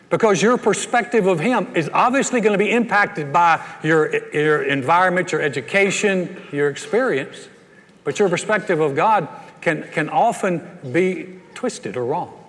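A man's voice: high-pitched, long reverb tail. A man in his sixties preaching a sermon, folksy and storytelling, with frequent stammered repeats. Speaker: pastor.

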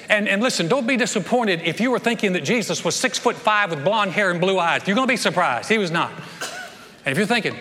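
A man's voice: high voice, lively intonation, brisk, sharp tone. A man preaching a sermon as a pastor, telling a Bible story in a folksy way with joking asides and often repeating words as he starts a phrase. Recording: long hall reverb.

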